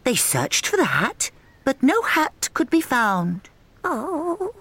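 A woman narrating a children's storybook aloud in a lively, sing-song rhyming delivery. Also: fairly high pitch, slow pace, slight background noise. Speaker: audiobook narrator. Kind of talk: expressive storybook read-aloud.

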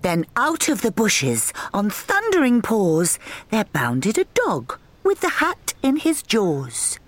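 A woman narrating a children's storybook aloud in a lively, sing-song rhyming delivery. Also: on the low side, measured pace. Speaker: audiobook narrator. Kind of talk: expressive storybook read-aloud.

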